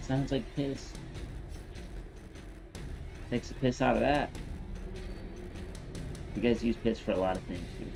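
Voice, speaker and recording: A man's voice: mid-range voice, unhurried, vocal fry, pauses often. A man chatting casually with a friend during a game stream, laid-back and joking, swearing freely. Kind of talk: casual gaming chat. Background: game music.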